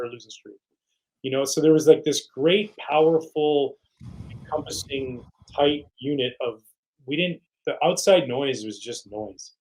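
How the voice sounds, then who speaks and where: A middle-aged man, a retired pitcher guesting on a podcast, telling stories in a casual way and acting out teammates' lines. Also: unhurried, rough recording. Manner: animated, quotes teammates in voices. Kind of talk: casual storytelling.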